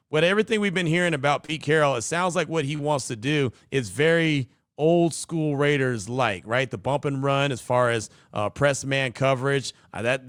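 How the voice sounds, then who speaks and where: An energetic man hosting a sports talk podcast, talking quickly and hyping up his listeners. His voice sits in a middle register and sounds close and dry, with no room around it. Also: mid-range voice, no echo. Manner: energetic, chatty, hypes the audience. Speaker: podcast host.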